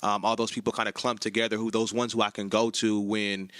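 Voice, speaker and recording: A young man chatting casually in a rambling, laughing way. His voice is low-pitched yet bright and forceful. The sound is close and dry, with no room in it. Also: little pitch movement, a little fast, clean tone, no room sound. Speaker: podcast co-host. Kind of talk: casual chat.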